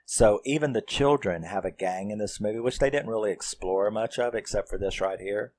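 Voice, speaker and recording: Rambling horror reviewer, male, lowish voice, swears a lot and gets worked up. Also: a little fast, darkish tone. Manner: rambling, profane and fired up. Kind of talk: casual spoken film recap.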